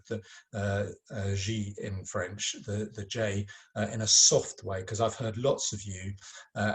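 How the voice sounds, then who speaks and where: A middle-aged man talks children through a recorded French lesson in an ordinary mid-range voice. He is patient and encouraging, hesitating with fillers and slowing down to model each sound for them to repeat. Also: medium pitch. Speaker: French teacher.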